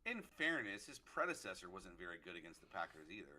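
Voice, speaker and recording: A man's voice: sits low, sing-song, fast talker, bright, forceful tone. A man co-hosting a casual sports talk podcast, offering counterpoints in short remarks.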